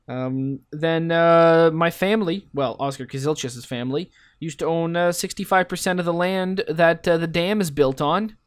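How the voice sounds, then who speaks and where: A man thinks aloud over a geography game in a loose, wandering way, asking himself playful questions. His voice sits a little high. The recording is dry and close, with no room sound. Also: smooth, no echo. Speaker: game commentator. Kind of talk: casual let's-play commentary.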